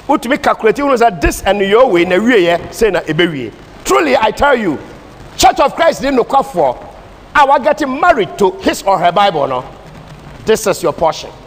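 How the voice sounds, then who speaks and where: High-voiced Ghanaian preacher in a reverberant church hall. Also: male voice. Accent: Ghanaian English. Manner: switches between English and Twi, emphatic preaching cadence. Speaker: Bible class teacher. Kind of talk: sermon-style Bible teaching. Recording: distant hall reverb with faint ambient noise.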